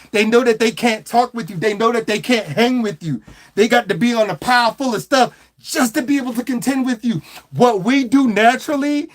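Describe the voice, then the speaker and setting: High-voiced man ranting and teasing. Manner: animated, teasing, repeats words, laughs often. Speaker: online commentator. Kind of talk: mocking commentary rant.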